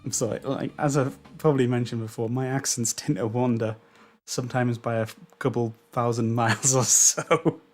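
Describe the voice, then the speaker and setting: A man's voice: medium pitch, little pitch movement, a little fast. Dude commentating his racing game, swears a lot, laughs at himself, faint music behind. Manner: self-deprecating, swears, chuckles at mistakes. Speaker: gaming YouTuber. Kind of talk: casual gameplay commentary.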